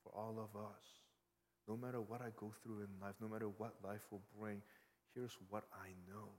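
A man's voice: fairly low pitch, flat delivery, moderate pace. A man preaching a sermon in an earnest, conversational way, often checking in with "right?". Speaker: pastor. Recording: long hall reverb.

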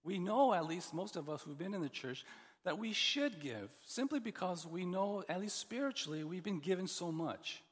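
Guy preaching a sermon, high voice, swings all over, big echoey hall. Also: moderate pace, slightly rough. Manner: expressive, builds to emphatic repetition. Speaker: pastor.

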